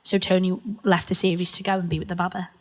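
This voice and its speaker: A woman's voice: on the low side, level tone, fast talker. Chatty woman recapping TV shows. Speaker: podcast co-host. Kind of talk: casual comedic chat.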